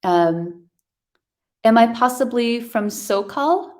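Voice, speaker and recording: A woman's voice: a little high, expressive, takes it slowly, a little mellow. A woman from New York hosting a virtual wine tasting over a video call, chatting casually and describing wines with enthusiasm.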